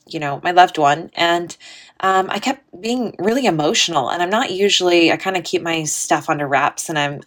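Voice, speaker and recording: Woman, slightly low voice, casual vlog talk, earnest, chatty, encouraging. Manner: encouraging, self-deprecating. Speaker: spiritual vlogger. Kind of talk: casual heartfelt talk to viewers.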